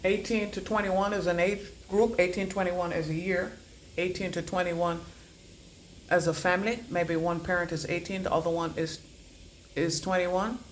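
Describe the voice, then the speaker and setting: A woman giving a channelled oracle card reading. She rambles and repeats words in chanting bursts, swinging between low murmurs and loud declarations. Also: fairly even intonation, moderate pace, slight background noise. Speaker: psychic oracle card reader. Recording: echoey room.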